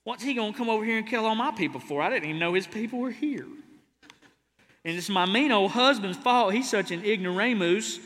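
Man doing a pouting wife, fast whiny complaining, high bright voice, long reverb. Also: animated, close to an everyday voice. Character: sulking panicked wife blaming her husband.

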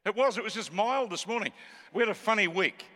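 A seventy-something Australian preacher with a bright, cutting voice pitched a touch high, chatty and joking before he rises into fervent calls. His voice rolls around a big hall with a long echo. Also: a little fast. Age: 70s. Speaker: guest preacher. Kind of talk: sermon with joking banter.

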